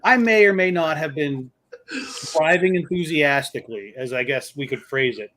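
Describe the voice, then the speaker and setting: A man telling lively stories in a casual chat and acting out the people in them. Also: fairly high pitch, normal speed. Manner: animated storyteller, acts out quoted voices. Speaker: co-host.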